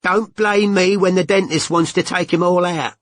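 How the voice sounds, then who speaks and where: A woman's voice: on the low side, fairly even intonation, moderate pace, dry recording, studio quality, voice pushed up, lightly acted. A male narrator voicing a brash, foul-mouthed young mother with a coarse, slangy way of talking. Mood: sharp. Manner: blunt, coarse, working-class slang.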